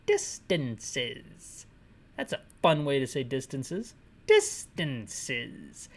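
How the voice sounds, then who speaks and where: A woman's voice: rumbling low, wildly swooping pitch, slow pace. A woman giving comedic, sarcastic commentary on an old game with audio description, rambling and correcting herself as she goes. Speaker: game retrospective narrator and describer.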